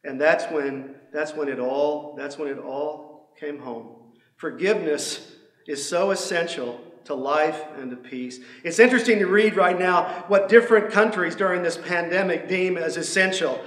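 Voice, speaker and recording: Middle-aged male pastor, fairly high voice, earnest sermon delivery, echoey room. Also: moderate pace, fairly bright tone. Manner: earnest preaching, acts out quoted prayers and speakers. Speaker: senior pastor.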